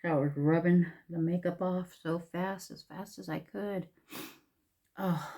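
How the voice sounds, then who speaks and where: Brief: woman vlogger, lower-pitched, chatty makeup talk with whispered asides. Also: fairly even intonation, slow, warm tone. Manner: chatty, drops into whispers, repeats words. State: a little out of breath. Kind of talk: casual makeup tutorial chat.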